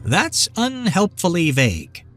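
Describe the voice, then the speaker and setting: A woman's voice: fairly low pitch, huge pitch swings, a little slow, soft background music, pitched above the performer's own voice, full character voice. A man voicing a stubborn young woman who is turning into a vampire, blunt and wry.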